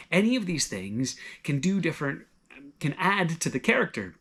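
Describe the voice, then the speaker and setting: A man preaching a sermon, conversational and gently encouraging, full of everyday examples. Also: fairly high pitch, sing-song, normal speed, slightly rough. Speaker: pastor.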